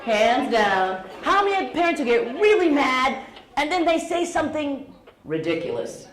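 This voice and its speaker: A middle-aged woman with a high-pitched, very animated voice talks at normal speed before a crowd of schoolchildren in a school hall. She tells stories playfully, and the recording has roomy echo and faint hall noise.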